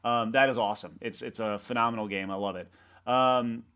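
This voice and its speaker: Man, interview guest, casual chat, rambling, lots of restarts, mid pitch. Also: smooth. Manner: rambling, halting with many restarts and fillers; animated storyteller acting out coworkers' lines. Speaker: website co-founder, interview guest.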